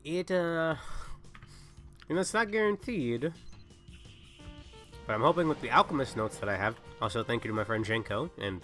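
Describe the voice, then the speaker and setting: A man's voice: medium pitch, lively intonation, normal speed, long pauses, a bit bright, faint music behind. A young man who is sick, chatting casually and rambling while livestreaming a game. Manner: rambling, self-interrupting. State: sick, coughing. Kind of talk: casual gaming livestream chat.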